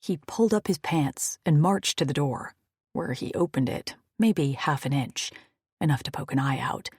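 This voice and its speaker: A woman reads a first-person romance audiobook in an intimate, breathy hush. Her voice is low and husky, with a gravelly fry. She takes an unhurried pace. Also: dry recording, clean studio sound. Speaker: audiobook narrator.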